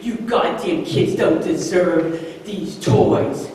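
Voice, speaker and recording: A woman's voice: fairly low pitch, slow pace, a little hiss or hum. A fed-up father at the end of his rope, barking curses at his daughters, as a woman storyteller puts him on. The voice rings through a big reverberant hall, caught from far off the microphone, with a faint murmur underneath. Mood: furious. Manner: shouting, cursing. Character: furious exhausted middle-aged father yelling. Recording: echoey hall, heard from afar.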